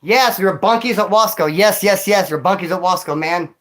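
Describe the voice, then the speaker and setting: A man's voice: high-pitched, brisk, a bit bright. Slangy man telling prison stories. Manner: slangy, storytelling, addresses a viewer directly. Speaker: former prisoner streamer reading chat. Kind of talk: casual livestream chat and storytelling.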